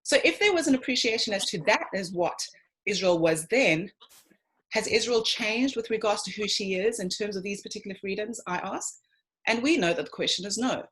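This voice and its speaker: A woman's voice: medium pitch, fairly quick, rough recording. Emphatic woman giving a talk. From South Africa. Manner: emphatic, lively, addresses listeners as ladies and gents. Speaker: speaker. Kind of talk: lecture to an online audience.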